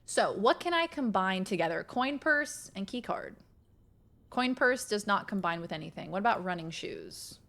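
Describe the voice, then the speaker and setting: A woman's voice: medium pitch, animated, normal speed, creaky, fairly bright tone. A young adult woman streaming a game, chatting casually with viewers, thinking aloud, laughing often and swearing now and then. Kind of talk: casual live-stream chat while gaming.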